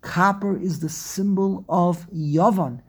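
A husky male voice that sits high and moves at a slow pace belongs to a man teaching a scripture study class. He reads phrases aloud, translates them, and explains step by step, with restarts and asides to the students.

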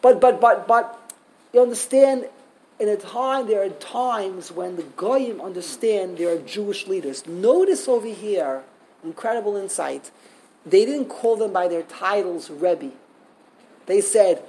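A man giving a Talmud class lecture, telling stories with animated rhetorical questions and frequent restarts. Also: sits high, unhurried, husky. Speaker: Talmud teacher.

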